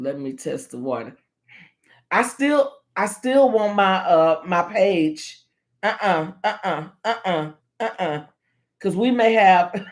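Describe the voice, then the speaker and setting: A woman hosting a casual livestream chat, playful and teasing, laughing often as she talks to her viewers. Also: fairly low pitch. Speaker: livestream host.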